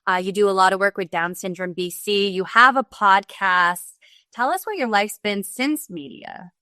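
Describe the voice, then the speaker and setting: A woman's voice: mid-range voice, moderate pace, bright, forceful tone, no echo, clean studio sound. A woman podcast host who asks the guest questions in an upbeat way. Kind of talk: interview questions.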